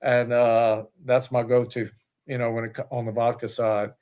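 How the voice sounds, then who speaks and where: Man, distillery owner, casual guest chat, rambling, lots of um and uh, mid pitch. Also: level tone, moderate pace, a little mellow. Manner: rambling, many fillers and restarts.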